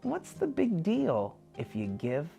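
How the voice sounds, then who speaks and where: Animated man telling a kids' story. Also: fairly high pitch, takes it slowly, creaky, lo-fi sound, soft background music. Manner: animated, playful. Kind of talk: storytelling for children.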